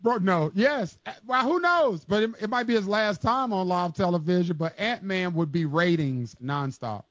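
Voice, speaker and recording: A man's voice: sits high, animated, moderate pace, a bit bright, no echo. A man joining a sports radio show as a guest over his own remote microphone, emphatic and fond of repeating himself. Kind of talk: casual sports radio chat. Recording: dry, dull remote mic feed.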